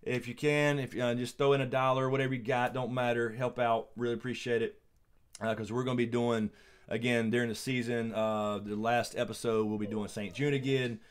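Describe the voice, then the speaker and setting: A Southern American man hosting a relaxed livestream chat, rambling along in an easygoing middle-pitched voice. He laughs often and trips over fillers and restarts as he thanks his viewers. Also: brisk, clear, resonant tone. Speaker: YouTube channel host.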